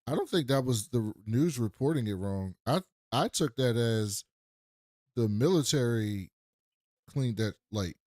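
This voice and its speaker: A man co-hosting a podcast, speaking in a calm, measured way as he pushes back on points. His voice sits mid-range and sounds dry and close. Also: mid-range voice, dry recording. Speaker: podcast co-host. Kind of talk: casual discussion.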